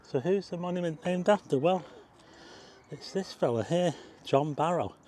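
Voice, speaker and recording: A man's voice: a little high, moderate pace, mellow, a little hiss or hum. An older man chatting to viewers as he drives and climbs a hill, exclaiming and getting out of breath. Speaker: walking vlogger. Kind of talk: casual vlog narration. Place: outdoors, driving then hillside walk.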